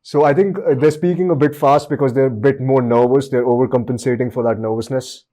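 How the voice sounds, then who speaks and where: A man's voice: medium pitch, steady tone, fast, mellow. A man from India with an Indian accent, hosting and chatting casually, agreeable with frequent asides. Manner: agreeable, frequent "you know". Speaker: podcast host. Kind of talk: casual interview chat.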